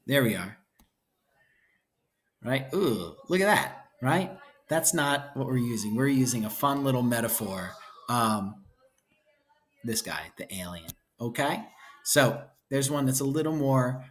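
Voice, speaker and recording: A man teaching a casual lecture through a book chapter, chatty and playful, checking in with his students constantly. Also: medium pitch. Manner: playful asides, enthusiastic about cute pictures.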